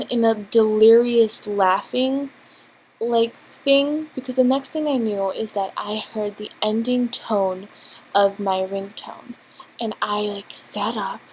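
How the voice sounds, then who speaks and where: A woman's voice: medium pitch, husky, low-quality recording. A young woman telling a storytime vlog at home into a laptop mic, rambling and giggly with many fillers. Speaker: vlogger. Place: home, indoors. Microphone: built-in laptop mic.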